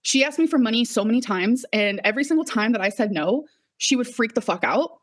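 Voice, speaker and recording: A woman's voice: a little high, lively intonation, brisk. A young woman vlogger ranting emotionally on a live stream, heated and swearing, repeating herself, shaky and upset.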